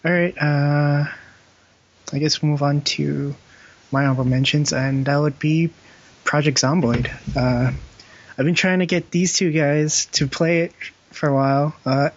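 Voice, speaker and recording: A man's voice: on the high side, steady tone, unhurried. Rambling young man on a lo-fi podcast. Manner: rambling, filler-heavy, laughs often. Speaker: podcast co-host. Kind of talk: casual gaming podcast chat. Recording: dull, dry lo-fi podcast audio.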